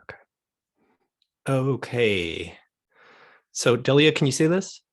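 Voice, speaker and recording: A man's voice: medium pitch, big pitch swings, takes it slowly. A man giving an academic lecture over a video call, explaining ideas in a thoughtful way, with fillers. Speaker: guest lecturer.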